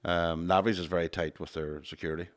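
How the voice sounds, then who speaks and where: A man hosting a podcast in casual, rapid chat, swearing and laughing often. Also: low voice, level tone. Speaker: podcast host.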